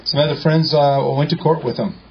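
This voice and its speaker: A man's voice: fairly high pitch, fairly quick, dull audio, a little hiss or hum. A man telling a story to a live group in a joking, colloquial way, acting out the dialogue. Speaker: speaker at a meeting.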